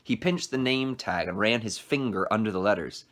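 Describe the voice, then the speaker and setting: A male teacher reads a novel aloud to his class at a brisk pace. His voice sits fairly low, and he drops in short asides to explain words as he goes. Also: fairly bright tone. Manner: brisk storytelling read-aloud, adds asides.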